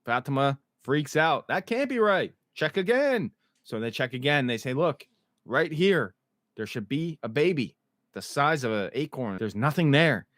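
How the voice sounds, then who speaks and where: A man's voice: medium pitch, normal speed, fairly bright tone, no echo, studio quality. A man giving a loose, slangy recap of a TV episode, quoting characters in passing. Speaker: recap host.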